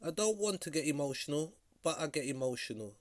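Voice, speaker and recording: A man hosting a video reaction, talking critically in a halting way and often repeating words. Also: on the high side, expressive, dry recording. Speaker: vlog host reacting to a clip. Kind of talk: casual reaction commentary.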